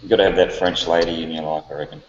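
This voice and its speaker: A man's voice: sits low, steady tone, very fast. A man chatting casually in a group voice chat, laid-back with dry jokes. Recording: roomy lo-fi voice chat with long echo.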